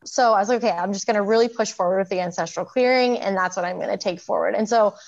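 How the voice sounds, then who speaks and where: A woman's voice: medium pitch, fast, lo-fi sound. A woman in her thirties, a program graduate, telling her story casually with many fillers and frequent laughs. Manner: chatty, lots of fillers, laughs often.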